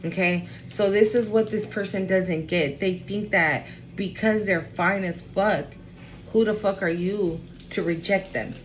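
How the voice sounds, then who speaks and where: A woman's voice: mid-range voice, fairly even intonation, measured pace, poor audio. A woman reads tarot cards in a loose, chatty vlog from her home, her voice sitting in a middle range. She talks in a slangy way, leans hard on fillers, and rambles from point to point. A faint hiss of background noise runs under her voice. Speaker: tarot reader. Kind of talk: casual tarot reading vlog.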